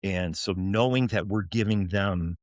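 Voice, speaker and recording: A man's voice: low-pitched, a little slow, no room sound, studio quality. A man in his forties, a firefighter officer, telling stories in an interview with earnest restarts and fillers. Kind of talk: storytelling interview answers.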